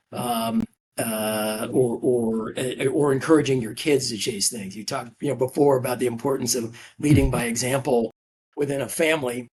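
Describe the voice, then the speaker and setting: Exec guy on a podcast, bit raspy, earnest, lots of um and uh. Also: mid-range voice. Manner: earnest, many fillers and restarts. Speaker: CEO of a family office, podcast guest. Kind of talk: conversational interview.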